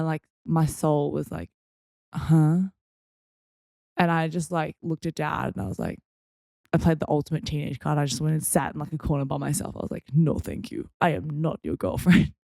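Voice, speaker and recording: A woman's voice: low-pitched, gravelly, darkish tone, no room sound, studio quality. A young woman host chattily telling funny stories on her podcast, with lots of fillers and self-mocking asides. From Australia. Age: young adult. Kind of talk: casual storytelling.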